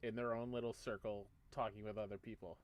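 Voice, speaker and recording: A man co-hosting a gaming podcast, calmly setting the scene of a story in a casual way. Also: fairly low pitch, quick pace, no echo, muffled recording. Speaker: podcast co-host. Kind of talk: casual chat.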